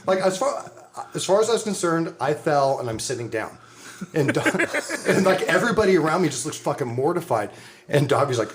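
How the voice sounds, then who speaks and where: A man's voice: on the high side, brisk, noisy background. A middle-aged man from Southern California, co-hosting a podcast and telling a wild story with frequent laughter and plenty of swearing. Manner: animated, laughs often, swears freely. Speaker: podcast co-host. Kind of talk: casual storytelling.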